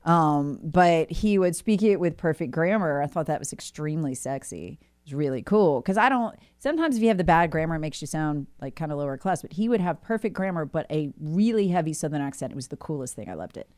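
Woman radio co-host, casual chat, fairly low voice, lively pitch, dry studio sound. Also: brisk, few pauses, no room sound. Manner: playful, reads listener texts aloud. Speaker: radio talk show co-host.

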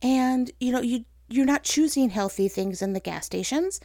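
A woman with a slightly high voice hosts a casual faith-based chat at normal speed, recorded dry with studio quality. She tells stories with animation, voices her own thoughts, and teases herself in a chatty way.

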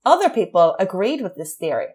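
A woman's voice: mid-range voice, sing-song, a little fast, a little mellow. A woman co-hosting a podcast, telling a true crime story in a casual chat and laughing often. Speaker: podcast co-host.

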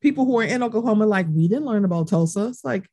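A woman chatting casually, emphatic and expressive, often quoting what others say. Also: medium pitch, fast talker. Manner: emphatic, lively, exclaims and quotes others. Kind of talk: casual chat.

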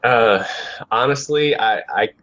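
A man's voice: mid-range voice, slow pace, fairly bright tone. A man appearing as a guest on a podcast, answering casually in a hesitant way with many ums and uhs. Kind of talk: casual interview chat.

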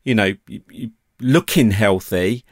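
A man's voice: on the low side, expressive, a little slow, no echo, clean studio sound. A man interviewing a guest, asking long, hesitant questions. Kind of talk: interview conversation.

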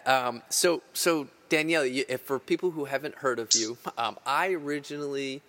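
Halting, stammering podcast host man. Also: medium pitch, fairly bright tone. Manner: halting, repeats words and restarts often. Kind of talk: casual interview talk.

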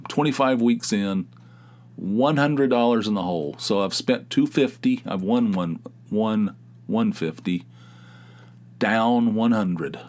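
A man in his fifties hosting his own podcast, talking alone in a rambling, jokey way and often correcting himself. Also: lowish voice. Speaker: podcast host. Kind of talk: casual solo podcast monologue.

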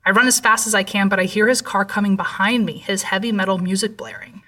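A woman narrating a true horror story in a measured, somber way. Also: mid-range voice, fairly even intonation, fairly bright tone, distant mic.

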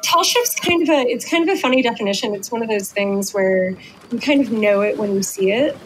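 A woman's voice: a little high, animated, a little fast. Casting: woman, tall ship expert, loose conversational explaining, faint background noise. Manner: conversational, many fillers. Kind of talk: recorded interview explanation.

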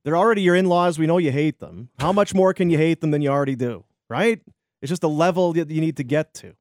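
A man's voice: on the high side, fast talker, a little mellow, dry recording, clean studio sound. A man co-hosting a casual sports radio show, joking loosely with guests and reading sponsor spots.

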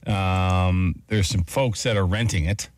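A male radio host telling stories in casual banter, laughing often and jumping into a high register for emphasis. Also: fairly even intonation, a little slow, no room sound. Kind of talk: casual morning show banter.

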